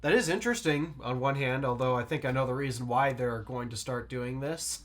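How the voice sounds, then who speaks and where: A man co-hosting a casual tech podcast tells stories with lots of laughter and emphasis. He speaks at medium pitch, a little fast.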